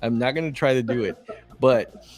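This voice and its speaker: A man's voice: mid-range voice, normal speed, darkish tone. A man with a Texas accent co-hosting a casual wrestling chat show, rambling with many fillers and restarts. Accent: Texan. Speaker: co-host.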